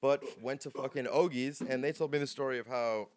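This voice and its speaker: A man's voice: mid-range voice, fairly quick. A man in his thirties co-hosting a podcast, telling crude, joking stories in casual chat. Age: 30s. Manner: crude, joking, animated storytelling. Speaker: podcast co-host.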